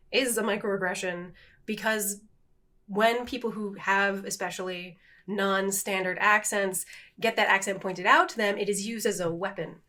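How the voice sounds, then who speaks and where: A middle-aged woman co-hosting a podcast, chatting casually and laughing at her own slip-ups. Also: mid-range voice. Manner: animated, self-deprecating, laughs at herself. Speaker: podcast co-host. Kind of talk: casual chat.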